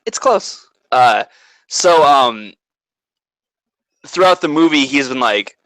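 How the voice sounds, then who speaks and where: A man's voice: mid-range voice, lively intonation, takes it slowly, a bit bright, no room sound, poor audio. A man co-hosting a casual chat, rambling through a plot recap with lots of swearing and filler "like"s. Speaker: podcast co-host.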